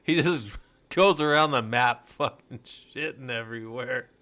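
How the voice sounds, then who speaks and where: A middle-aged man chats loosely on a livestream, drifting from thought to thought in an easygoing, rambling way. He swears freely, and his voice sits at an ordinary mid pitch. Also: a little slow, bright, forceful tone. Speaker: streamer. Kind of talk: casual livestream chat.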